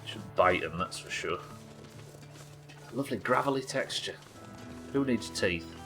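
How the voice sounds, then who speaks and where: A man's voice: lowish voice, expressive, a little slow, fairly bright tone, faint music behind. A man chatting loosely while streaming a survival game, rambling, swearing and joking at his own expense. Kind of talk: casual gameplay commentary.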